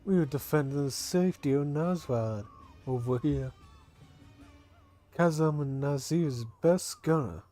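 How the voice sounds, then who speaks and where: A man's voice: on the high side, measured pace, mellow, faint music behind, close to an everyday voice. A man voicing a small, eager male guard in an attempted New York accent.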